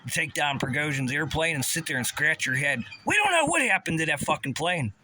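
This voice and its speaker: A man's voice: on the high side, big pitch swings, brisk, bright, forceful tone, slight background noise. A man from the Pittsburgh area, delivering an agitated, sarcastic, profane rant and stumbling over his restarts. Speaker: vlogger.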